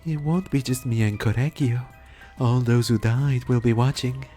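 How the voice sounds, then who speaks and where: A man reading aloud a calm, unsettling young male anthropologist from a game, in a slow and solemn way. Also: medium pitch, soft background music, pitched above the performer's own voice, close to an everyday voice.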